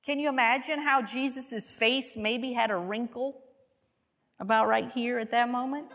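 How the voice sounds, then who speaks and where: A woman's voice: on the high side, a little slow, fairly bright tone, long reverb tail. A woman preaching a sermon, telling a story vividly and often asking her listeners rhetorical questions.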